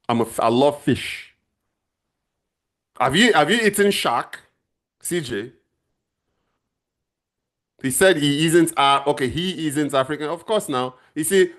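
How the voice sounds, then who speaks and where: A middle-aged man chats on a livestream in a loose, rambling way. He talks straight to his viewers at an everyday pitch. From Nigeria. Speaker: channel host answering viewers. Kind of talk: casual livestream chat.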